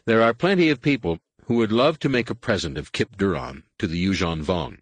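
A man's voice: lowish voice, a little fast, husky, dry recording. A man voicing a blunt, defiant male colonel in an audiobook.

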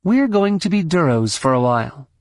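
A man's voice: fairly high pitch, very animated, moderate pace, darkish tone, no echo, clean studio sound, pitched above the performer's own voice. A man voicing a bold, curt young woman pilot in an audiobook reading. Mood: clipped, teasing.

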